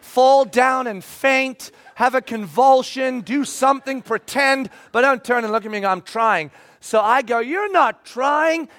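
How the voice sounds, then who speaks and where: High-voiced pastor in his forties. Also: normal speed, hardly any pauses. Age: 40s. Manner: animated storytelling, bursts into shouting when acting out scenes. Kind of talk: sermon with personal story.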